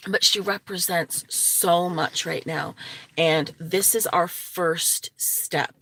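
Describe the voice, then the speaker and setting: A woman's voice: on the low side, pushed and bright, dry recording. A woman vlogging casually to her viewers, chatty and opinionated, laughing often as she talks. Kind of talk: casual talking-head vlog.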